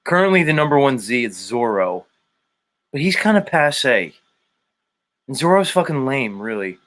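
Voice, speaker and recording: A man hosting a loose livestream from home, reading out viewer comments and greeting each person in turn. He rambles and jokes, swears casually, and fills the gaps with idle humming. His voice sits at an ordinary middle pitch. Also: sing-song, normal speed, fairly bright tone. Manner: rambling, joking, profane, humming to himself. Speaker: livestream host.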